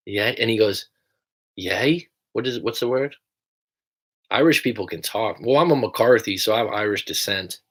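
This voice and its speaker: On the livestream, the young American breakup coach speaks at a moderate pace in a voice on the low side, fairly bright in tone. He chats and rambles casually, with the odd swear word.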